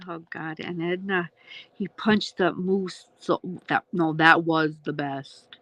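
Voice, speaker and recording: A woman's voice: lowish voice, fairly even intonation, slow pace, a bit bright, no echo, muffled recording. A woman hosting a casual livestream, rambling between thoughts, laughing often and swearing freely. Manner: laughs often, swears, trails off mid-sentence. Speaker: livestream host.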